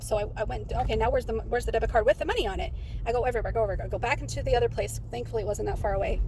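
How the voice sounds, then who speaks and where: Woman, casual rambling vlog, self-interrupting, slightly high voice, noisy car recording. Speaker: vlogger. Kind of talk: casual spoken notes, rambling. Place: in and around a parked car.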